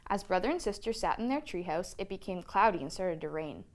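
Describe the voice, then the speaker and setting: Animated woman reading a children's story. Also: lowish voice, a little fast. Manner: expressive, animated read-aloud. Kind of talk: reading a children's picture book aloud.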